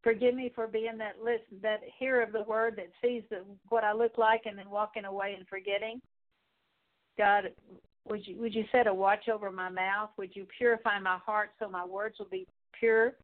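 A woman prays aloud in a long confession, her voice held in a narrow, even band of pitch. She pleads in halting, repeated phrases broken by pauses. The sound is thin and phone-like. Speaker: prayer leader. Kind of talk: spoken prayer of confession.

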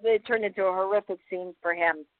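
An actress telling a story in casual podcast chat, acting out the quotes and swearing freely. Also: female voice, mid-range voice, steady tone, brisk, no echo, narrow, tinny audio. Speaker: actress guest.

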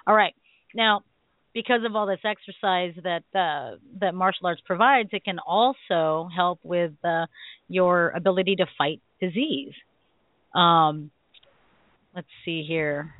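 Woman, middle-aged, radio host, animated storyteller, laughs a lot, dry tinny phone-line sound. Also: on the low side, unhurried, dry recording. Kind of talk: call-in radio chat.

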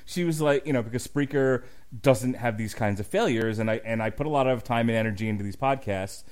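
Male podcast host; jokey, quick to laugh and play at outrage. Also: medium pitch, darkish tone, clear, resonant tone. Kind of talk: casual chat.

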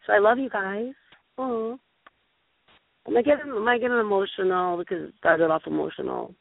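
A woman's voice: medium pitch, normal speed, vocal fry, no room sound. A woman hosting a live call-in show, chatting in a gushing, casual way with stumbling restarts. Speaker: show host. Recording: tinny phone-line sound.

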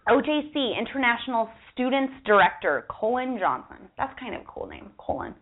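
A woman's voice: on the high side, very animated, normal speed. A young adult woman co-hosting a radio show in casual, bubbly, giggly chat. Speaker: radio co-host. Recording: tinny phone-like broadcast audio.

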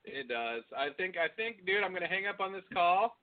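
A man's voice: sits high, big pitch swings, moderate pace. A middle-aged man co-hosting a casual chat over the phone, laughing often and swearing freely. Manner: laughs often, loose and profane. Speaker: podcast co-host. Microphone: phone call. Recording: tinny phone line.

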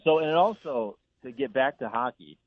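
A man's voice: mid-range voice, lively intonation, moderate pace. A man calling in as a guest, telling stories in casual sports talk, laughing easily. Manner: chatty storyteller, laughs easily. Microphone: phone. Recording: tinny dry phone line.

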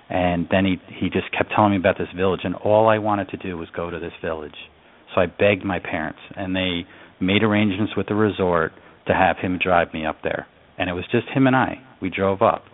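A man from upstate New York, a radio interview guest, telling a story in an earnest, reflective way. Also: low voice. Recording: phone-line audio.

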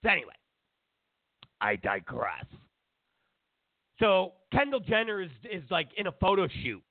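A man rants through a talk-show monologue in a high, gravelly voice, sarcastic and wandering off on tangents. The sound is thin and phone-like, with no room around it. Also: very animated, unhurried, dry recording. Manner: ranting, sarcastic, digressive. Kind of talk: opinionated monologue. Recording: dry, phone-like narrow sound.

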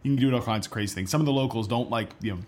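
A man's voice: medium pitch, racing, darkish tone, slight background noise. A man co-hosting a podcast in casual chat, telling loose, rambling stories full of fillers. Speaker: podcast co-host.

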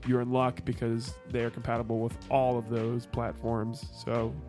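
A man's voice: mid-range voice, completely flat delivery, moderate pace, darkish tone, soft background music. A man co-hosting a podcast in loose, joking banter, swearing freely. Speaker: podcast co-host. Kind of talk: casual chat.

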